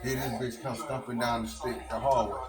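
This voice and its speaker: A man's voice: mid-range voice, brisk, distant mic. A man telling a long, profane story to friends, quoting everyone in it. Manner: profane, animated storytelling, quotes voices. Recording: echoey room with music playing.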